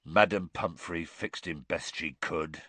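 A man voicing a huge, gruff male half-giant groundskeeper who is drunk and miserable and talks in a rough dialect. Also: on the low side, animated, normal speed, pushed and bright, no echo. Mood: dejected. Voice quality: rough dialect, dropped words. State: drunk, slurred.

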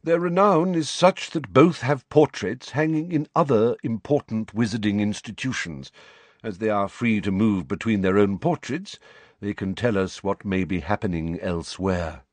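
Dumbledore, a man playing a calm old wizard. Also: on the low side, no room sound, close to an everyday voice. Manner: quiet, calm, measured. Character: old male headmaster wizard, calm and grave.

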